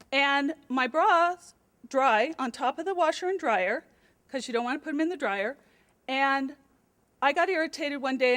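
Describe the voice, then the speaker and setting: A middle-aged woman, an office administrator, recounts an awkward episode to her coworkers in a casual recorded message. Her voice sits high, and she talks in a chatty, animated, self-deprecating way. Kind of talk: casual storytelling to camera.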